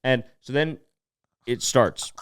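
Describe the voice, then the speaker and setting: A man's voice: mid-range voice, slow, clear, resonant tone, no echo, clean studio sound. A man co-hosting a comedy podcast who tells a story in a rambling way, full of "like". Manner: animated, rambling, lots of "like". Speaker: podcast co-host.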